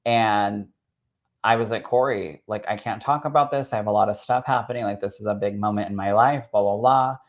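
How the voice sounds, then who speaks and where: A man, a spirit medium, sharing a personal story in an expressive, chatty way that swells with emotion. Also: fairly low pitch, a little fast. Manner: expressive and chatty, full of "like" and "literally".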